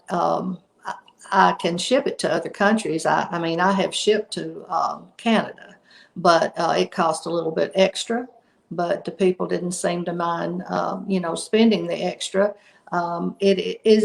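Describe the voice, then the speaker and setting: An older woman with a Southern US accent, a company founder talking in a casual interview in an unhurried, folksy way with frequent ums. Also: fairly low pitch, creaky, poor audio.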